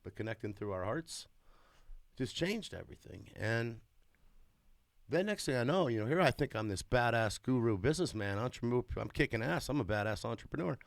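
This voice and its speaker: A man in his forties giving a candid, emotional testimony about his marriage and family, swearing freely and swinging into excited bursts. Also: medium pitch, brisk, vocal fry, dry recording. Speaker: father sharing his story.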